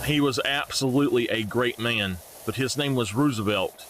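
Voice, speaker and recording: A man's voice: mid-range voice, moderate pace, a little hiss or hum. A young man, chatting casually and rambling animatedly to his live-stream viewers while playing a game. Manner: animated, rambling, frequently laughing.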